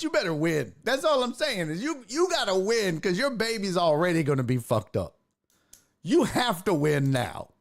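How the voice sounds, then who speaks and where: A man hosting a podcast, telling a comedic story in a profane, animated way and acting out what he said. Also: high-pitched. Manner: profane, animated, acts out his own quotes. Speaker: podcast host.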